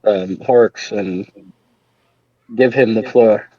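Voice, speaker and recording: A man playing a tabletop game, deadpan and mock-boastful. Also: fairly low pitch, extremely slow, no room sound. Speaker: player. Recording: dull lo-fi sound, dry, off-mic.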